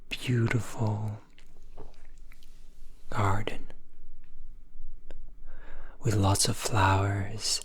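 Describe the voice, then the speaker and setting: A man telling a story in a slow, breathy ASMR whisper. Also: on the low side, flat delivery, slight background noise.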